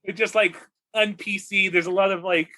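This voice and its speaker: A man in his forties from California, co-hosting a movie podcast, rambling excitedly and laughing often. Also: sits high, moderate pace. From Redlands, California. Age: 40s. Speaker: podcast co-host. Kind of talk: casual movie podcast chat.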